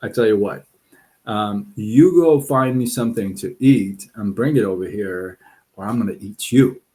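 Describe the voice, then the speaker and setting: A man's voice: fairly low pitch, moderate pace, warm tone, close to an everyday voice. A man voicing a hungry, short-tempered male lion who makes demands and threats. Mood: threatening.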